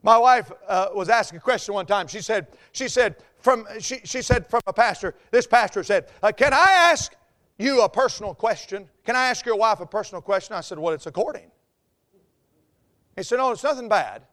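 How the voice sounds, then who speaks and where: A man with a Southern US accent, preaching a folksy, joking sermon as a pastor, swinging between quiet asides and loud outbursts. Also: high-pitched, brisk. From American South.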